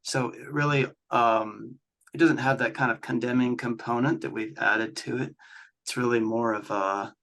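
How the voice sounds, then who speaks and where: A man's voice: medium pitch, steady tone, normal speed, vocal fry, fairly bright tone. A man hosting an interview, thoughtfully asking questions and thanking his guest. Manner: appreciative, thoughtful, a few fillers. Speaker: interview host.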